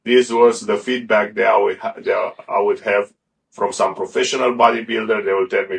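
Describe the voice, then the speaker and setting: A middle-aged man chatting as an interview guest in a gravelly voice. He rambles and stumbles over restarts, and he sits a little back from the microphone. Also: on the low side, fairly even intonation, normal speed. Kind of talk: casual interview talk. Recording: a bit far from the mic.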